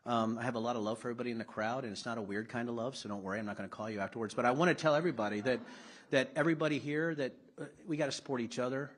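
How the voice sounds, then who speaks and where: A middle-aged man speaks to a live audience at a political summit. His pitch sits in a mid range. His speech is conversational and self-deprecating, broken by blunt, salty asides. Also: very fast.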